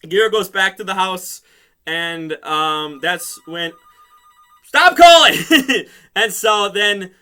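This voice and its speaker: Excitable male reviewer: high, very bright voice, rambling casual recap. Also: takes it slowly, clear, resonant tone, soft background music. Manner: excitable, laughing often, rambling with fillers. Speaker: show reviewer.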